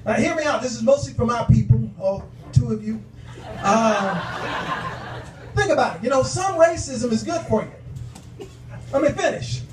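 A male stand-up comedian with a high voice, delivering punchy, conversational bits. He is recorded from far back in an echoing club, with audience ambience all around. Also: lively intonation, moderate pace, long pauses, noisy background. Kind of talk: stand-up set.

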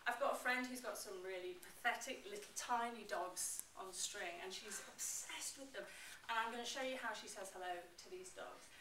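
Animated woman presenting in an echoey room. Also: medium pitch, normal speed, hardly any pauses, distant mic, slight background noise. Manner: animated, expressive. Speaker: public speaking presenter. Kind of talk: presentation to a class. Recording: roomy echo, mic from afar.

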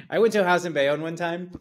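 A man guest on a podcast, telling a story in a casual, animated way, swearing and acting out what people said. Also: a little high. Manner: animated storyteller, acts out quotes, swears, laughs. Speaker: realtor guest.

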